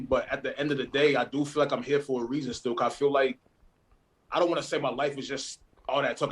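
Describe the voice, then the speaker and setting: A young man speaking as a guest in a personal conversation, halting and searching for words, with casual slang. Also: medium pitch.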